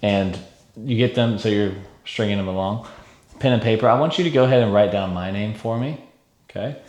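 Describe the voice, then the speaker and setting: A man with a fairly low voice runs a sales training lesson in an energetic, coaching way, checking in with his listeners again and again. The sound has a noticeable echo, as if he were in a bare room. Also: a little fast. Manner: energetic, coaching, frequent "okay?" check-ins.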